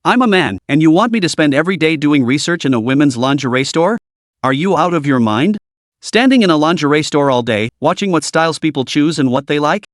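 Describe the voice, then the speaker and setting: A man's voice: fairly high pitch, lively intonation, fairly quick, dry recording, studio quality, lightly acted. A man reading as a hot-tempered young guy. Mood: furious. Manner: angry and indignant. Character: proud, hot-tempered young male employee.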